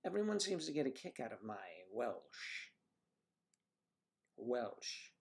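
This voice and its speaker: A man's voice: medium pitch, sing-song, takes it slowly, creaky. A man hosting a casual livestream, chatting and telling rambling stories. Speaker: livestream host.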